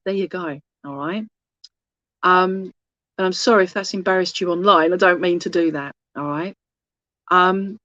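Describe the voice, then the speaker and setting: A woman's voice: on the low side, a bit bright, no room sound. A woman gives a mediumship reading into a phone she holds in her hand. She talks in a chatty, rambling way, loses her track and starts again, and keeps dropping fond little asides to her listeners. The sound is dry and slightly dull, like a lo-fi online stream. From England. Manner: affectionate asides to the audience. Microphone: phone held in hand.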